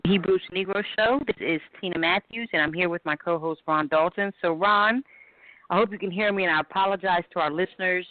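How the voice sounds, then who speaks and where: A woman hosting a podcast over the phone, speaking haltingly as she introduces her co-host and asks him a question. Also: fairly low pitch. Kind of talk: casual chat. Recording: tinny phone line.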